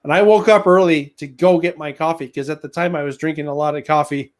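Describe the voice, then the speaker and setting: A man's voice: fairly high pitch, fairly even intonation, quick pace. A man chatting casually as a guest on a live stream, laughing often as he tells stories. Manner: chatty, laughs while talking. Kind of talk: casual chat.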